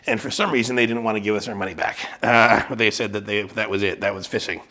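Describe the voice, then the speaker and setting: A man's voice: lowish voice, steady tone, quick pace, bright, forceful tone. A man preaching a sermon in a casual, conversational way, telling a personal story with frequent fillers and restarts. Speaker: pastor. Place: church service streamed online.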